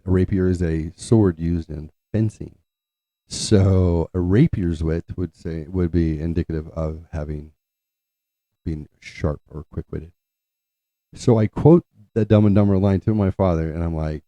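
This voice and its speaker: A very low, dark-toned man tells a family story in a loose, meandering way, restarting sentences and clearing his throat now and then. The sound is dry and a little dull, as if recorded on modest gear. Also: steady tone, measured pace, no room sound. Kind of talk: casual storytelling.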